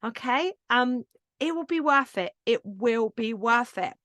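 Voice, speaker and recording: On her solo podcast, a yoga business coach speaks casually yet sincerely, offering encouragement and using many fillers. Her voice is a little high, fairly bright and animated at a measured pace, recorded in clean studio sound with no room noise.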